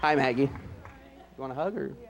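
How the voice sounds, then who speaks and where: A man's voice: mid-range voice, brisk, a crowd in the background, background noise. A man announcing seniors at a live school band event, reading their notes aloud with fillers and light joking asides. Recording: long hall reverb.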